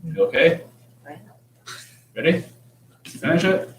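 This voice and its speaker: Joking teacher in an echoey classroom. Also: male voice, a little high, big pitch swings, takes it slowly, background noise. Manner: joking, conversational. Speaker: math teacher. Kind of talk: classroom lesson. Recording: echoey classroom, distant mic.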